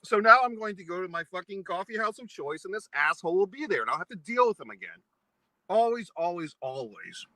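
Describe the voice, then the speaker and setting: A man's voice: high-pitched, lively intonation, fast talker, hardly any pauses, sharp tone, no room sound, low-quality recording. A man from New England ranting at length, angry and profane, in a vlog monologue. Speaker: vlogger. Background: eating pizza.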